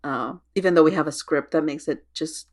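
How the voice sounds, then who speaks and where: A woman co-hosting a podcast in casual chat. She sounds relaxed and chatty and laughs easily. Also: low voice, brisk. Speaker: podcast co-host.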